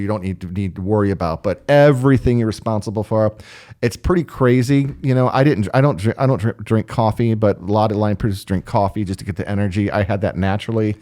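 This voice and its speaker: A man telling work stories in a loose, casual chat. He jumps between his own voice and impressions of the people he describes, stumbling and restarting as he goes. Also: fairly low pitch. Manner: animated, acts out voices in anecdotes, frequent restarts. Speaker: guest line producer.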